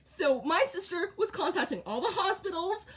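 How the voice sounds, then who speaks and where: A woman's voice: very high-pitched, animated, normal speed. A middle-aged woman vlogging in short, repetitive, blunt sentences. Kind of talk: casual monologue to camera.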